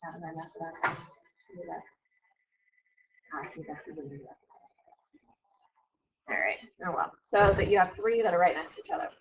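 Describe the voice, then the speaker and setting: A woman's voice: sits low, moderate pace, pauses often. A woman teacher giving a casual classroom math lecture, chatty and often correcting herself. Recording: dull lo-fi recording.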